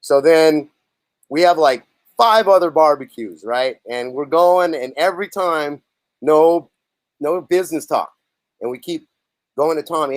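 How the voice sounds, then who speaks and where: With no room sound, a slightly high male voice speaks unhurriedly. He's the lead singer and songwriter of a band, guesting in a casual interview and animatedly telling stories while performing other people's lines.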